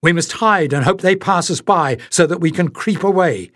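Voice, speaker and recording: A man's voice: sits high, moderate pace, fairly bright tone, no echo, studio quality, voice pushed up. A man reading an audiobook voices an earnest, brave young male hero with an urgent, raised voice. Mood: insistent.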